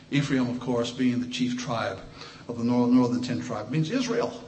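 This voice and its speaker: A man's voice: mid-range voice, a little mellow, roomy sound, a little hiss or hum. Man preaching with emphatic scripture reading. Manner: reads scripture slowly and emphatically, asides with restarts.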